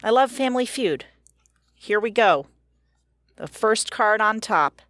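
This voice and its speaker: A woman's voice: on the high side, animated, measured pace, fairly bright tone, no room sound, clean studio sound. A woman co-hosting a casual podcast, chatting upbeat over a webcam call and running a game. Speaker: podcast co-host.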